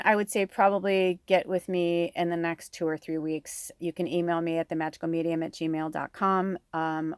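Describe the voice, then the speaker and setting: A woman's voice: fairly low pitch, no room sound, studio quality. A woman giving a casual tarot reading to her viewers, talking in a chatty, rambling, gushing way with plenty of fillers. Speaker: tarot reader and medium.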